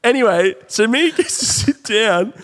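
A man, co-hosting a podcast and telling a long story in casual chat, laughing often and slipping into high girly voices for quotes. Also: animated, measured pace, a bit bright, long reverb tail. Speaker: podcast co-host.

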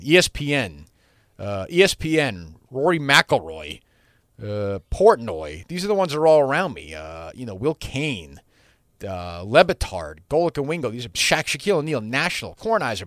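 A man hosts his own podcast in a loose solo monologue, circling back and restarting his sentences. He is blunt and occasionally profane. The sound is dry and close, with a middle-pitched voice. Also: very animated, normal speed, fairly bright tone, no room sound. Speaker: podcast host.

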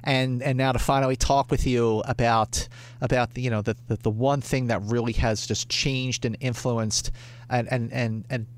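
A man as a podcast guest, gushing and excitable, often stammering and repeating himself. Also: medium pitch, normal speed. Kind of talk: casual chat.

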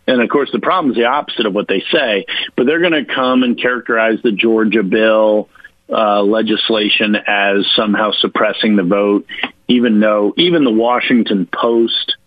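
A man from Virginia makes his case on a talk radio show, pressing each point hard and slowing down to spell things out. The sound is dull and muffled like a radio line, and the room is dry. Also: fairly low pitch, no echo. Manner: emphatic, mocking quoted voices, spells points out slowly. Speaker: political guest. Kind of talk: radio interview, argumentative explaining.

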